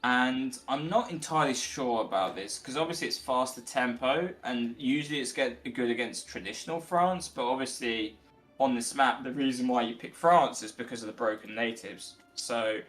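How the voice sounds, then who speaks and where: A man's voice: mid-range voice, normal speed, fairly bright tone, soft background music. A young man giving chatty, analytical play-by-play in a live esports broadcast on a headset. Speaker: esports caster.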